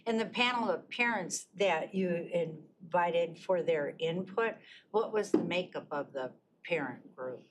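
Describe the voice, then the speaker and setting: A woman's voice: on the low side, a little slow, hardly any pauses. A woman commissioner questioning staff at a committee meeting, polite but skeptical. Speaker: county commissioner. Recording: noisy public meeting room.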